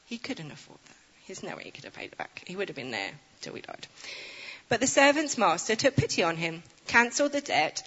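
A woman giving an informal, chatty sermon, reading scripture aloud with animated storytelling and self-deprecating asides. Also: medium pitch, husky. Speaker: preacher. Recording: reverberant, dull lo-fi sound.

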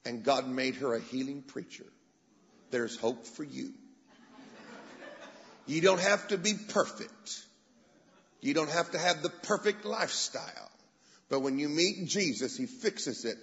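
Preacher, man, higher voice, lively storyteller, long church-hall reverb on a dull recording. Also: unhurried, gravelly, long pauses. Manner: animated, acts out quoted voices. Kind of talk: sermon storytelling.

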